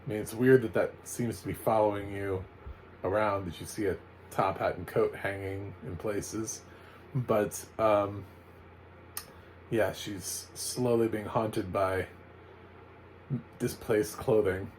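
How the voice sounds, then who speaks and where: Chatty low-voiced man reviewing a film. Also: takes it slowly, long pauses, slight background noise, poor audio. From United States. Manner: chatty, animated asides with frequent laughs and fillers. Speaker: movie reviewer. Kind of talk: casual spoken film review.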